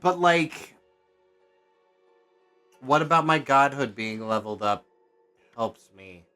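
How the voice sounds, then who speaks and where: A man's voice: medium pitch, expressive, slow, sharp tone, clean tone, soft background music. A man streaming a game, chatting casually and thinking aloud as he plays, rambling and correcting himself as he goes. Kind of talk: casual gameplay commentary.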